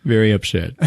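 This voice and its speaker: A man's voice: mid-range voice, vocal fry, fairly bright tone, dry recording. A man hosting a podcast, casually retelling a movie plot with lots of laughing and swearing. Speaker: podcast host.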